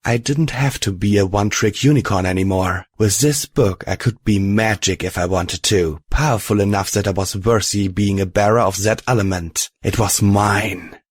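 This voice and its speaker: Guy narrating a fanfic audiobook, lowish voice, steady and deliberate, super dry recording. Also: breathy edge, no echo. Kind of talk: audiobook narration of fan fiction.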